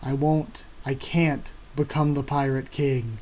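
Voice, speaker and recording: A man's voice: medium pitch, little pitch movement, takes it slowly, darkish tone. A man reading out the lines of a stubborn, loyal young male pirate captain, speaking them defiantly.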